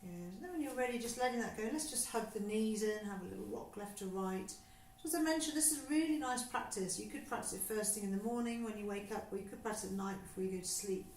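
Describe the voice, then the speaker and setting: A woman yoga teacher talks listeners through slow, deep breathing in an unhurried, soothing voice. Her voice rings a little in an echoey room. A faint background hum sits under her words. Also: a little mellow. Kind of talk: guided breathing instruction.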